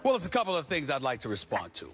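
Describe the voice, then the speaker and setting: A man's voice: medium pitch, huge pitch swings, fast talker, fairly bright tone, faint music behind. A man in his forties hosting a sports debate show, ranting with emphatic sarcasm. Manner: emphatic, sarcastic, sometimes mock-singing. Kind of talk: heated sports debate rant.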